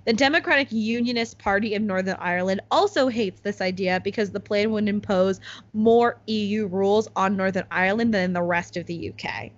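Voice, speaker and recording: A young woman chatting casually as a co-host, explaining news with lots of "like" and quick laughs. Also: medium pitch. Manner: chatty, many "like"s, laughs at own jokes. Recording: slightly muffled lo-fi audio.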